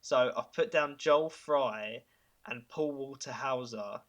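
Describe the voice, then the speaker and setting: A man hosting a podcast, pitching ideas in casual chat, enthusiastic and chuckling, with halting fillers. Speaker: podcast host.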